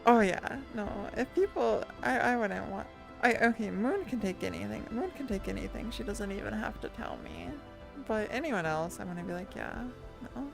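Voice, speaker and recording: Gravelly-voiced woman rambling to her chat. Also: medium pitch, lively intonation, moderate pace, music in the background. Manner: chatty, rambling, many restarts and laughs. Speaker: streamer. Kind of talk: casual rambling chat with viewers. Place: lying down at home.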